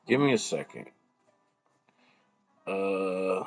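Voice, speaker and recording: Low husky man muttering on a stream. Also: expressive, slow pace, a little mellow, faint music behind. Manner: profane, rambling, muttering to himself while fumbling with the computer. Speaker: live-stream host. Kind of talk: casual live-stream commentary.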